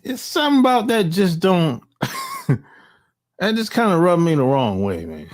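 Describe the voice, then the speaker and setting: A man's voice: high voice, wildly swooping pitch, unhurried. A middle-aged man hosting his own channel, talking bluntly in a rambling, slangy monologue with sighs, restarts and profanity. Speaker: channel host. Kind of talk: casual opinion monologue.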